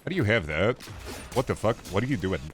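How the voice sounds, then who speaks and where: A man's voice: fairly low pitch, big pitch swings, fast talker, noisy background. A young man streaming a video game, rambling and swearing casually as he plays and chats with viewers. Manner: rambling, profane, chatting with viewers while playing. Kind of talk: casual gameplay commentary.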